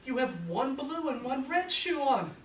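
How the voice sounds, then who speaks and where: A fretful, foolish village woman whines about her troubles, as a male storyteller puts her on. The voice rises high, heard from a distance in a roomy hall. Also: sing-song, a little slow, fairly bright tone, slight background noise, exaggerated voice. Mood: fretting.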